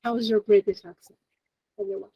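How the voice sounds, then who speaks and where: A woman's voice: mid-range voice, fairly even intonation, a little fast, slightly rough, no room sound, lo-fi sound. A woman teaching a beginner Japanese class, explaining step by step in a chatty way and laughing often. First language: Spanish. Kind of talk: classroom lesson.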